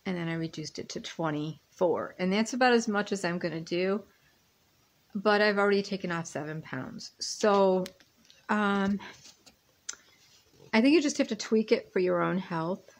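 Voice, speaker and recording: A woman in her fifties who vlogs about cooking and lifestyle chats casually in her home kitchen, wandering between stirring and tasting. She speaks at medium pitch and normal speed, with slight background noise.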